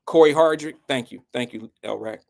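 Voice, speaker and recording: A man's voice: mid-range voice, normal speed, gravelly, a little mellow. A man hosting a live show, giving blunt and preachy casual commentary.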